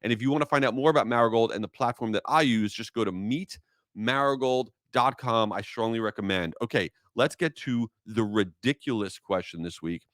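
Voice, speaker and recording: A man's voice: mid-range voice, fairly quick, no echo. Upbeat male podcast host, dry close sound. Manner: energetic, enthusiastic, rambling asides. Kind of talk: casual solo podcast talk.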